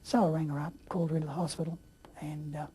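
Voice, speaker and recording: A man telling his story in a rambling way, with many fillers and throat clearing. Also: fairly high pitch, level tone, quick pace, mellow. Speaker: interview guest. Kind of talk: casual storytelling.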